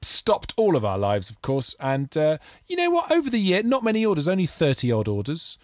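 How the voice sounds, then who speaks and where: A man's voice: a little high, wildly swooping pitch, brisk, no room sound, clean studio sound. A man hosting a podcast in casual chat, playful and teasing. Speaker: podcast host.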